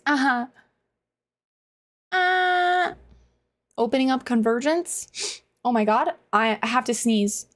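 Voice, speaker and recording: A woman streaming a game and chatting casually with her viewers. Her voice sits fairly high and she talks at an unhurried pace. She laughs often and cries out loudly at the game. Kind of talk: casual live-stream chat while gaming.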